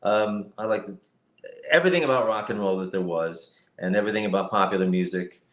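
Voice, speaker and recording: A man's voice: lowish voice, brisk, a bit bright. Man from Ohio with a roomy echo. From Cleveland, Ohio, USA. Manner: reflective, musical way of explaining, with many fillers. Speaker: guest voice actor. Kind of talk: casual live-stream interview. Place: home setup with a lighting kit.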